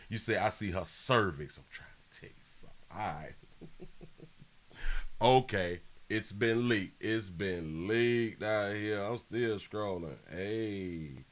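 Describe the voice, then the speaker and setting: A man hosting a live stream, chatting casually in slang, repeating phrases and reading out viewer donations. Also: on the low side. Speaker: livestream host.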